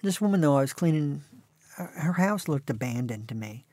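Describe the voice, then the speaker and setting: A man's voice: on the high side, expressive, fairly quick, darkish tone, no room sound. A man in his sixties, an author telling dry, self-mocking stories as a guest in an interview. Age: 60s. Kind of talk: conversational storytelling.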